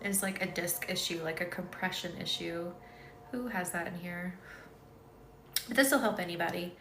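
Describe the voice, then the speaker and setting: A sleepy, tired woman hosts a casual live energy-healing stream, chatting and reading viewer comments while repeatedly dissolving into giggles. Her medium-pitched voice is creaky and a bit bright, with reverb and slight background noise.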